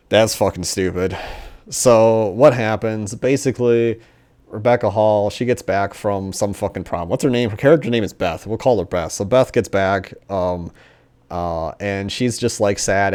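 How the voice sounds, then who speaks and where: A man's voice: on the low side, a little mellow. A young man reviewing a movie in a casual, profane rant, rambling with lots of fillers and sarcasm.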